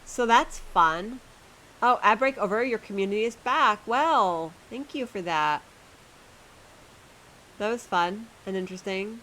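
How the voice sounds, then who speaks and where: A woman's voice: mid-range voice, lively intonation, unhurried, long pauses, fairly bright tone, rough recording. A woman streamer chatting casually to her viewers while she plays a game, chatty and self-mocking, often laughing at herself.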